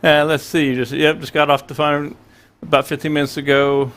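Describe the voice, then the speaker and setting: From his small home studio, a man in his sixties hosts a casual livestream chat in a voice slightly high for a man, fairly bright but flat in delivery. He talks at a normal speed, rambling through stories and voicing both sides of each conversation himself.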